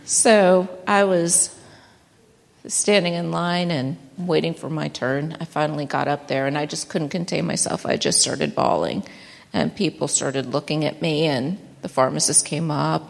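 Woman, middle-aged, low and gravelly, emotional testimony, long hall echo. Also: expressive, measured pace. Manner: emotional, voice rising high and breaking when moved. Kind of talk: personal testimony.

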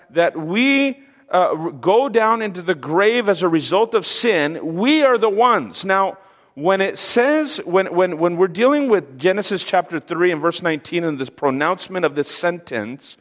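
A man preaching a sermon, teaching slowly and emphatically and asking the audience questions. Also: sits high, fairly bright tone, in a large hall.

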